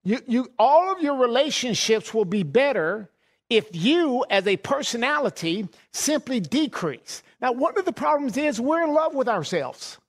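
A man's voice: very high voice, very animated, normal speed. A middle-aged man preaching a sermon in a folksy way, laughing often and repeating words as he goes.

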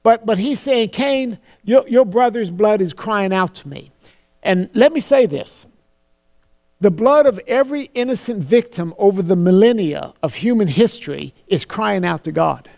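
A man preaching a sermon, earnest, slowing down to quote scripture solemnly and often repeating words as he starts a phrase. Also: sits high, expressive, creaky, darkish tone.

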